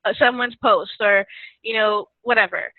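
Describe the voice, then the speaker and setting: A woman's voice: medium pitch, normal speed, no echo. A woman guest telling her story in a casual interview, chatty, laughing often and getting emotional. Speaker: guest distributor. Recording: tinny phone line, dry.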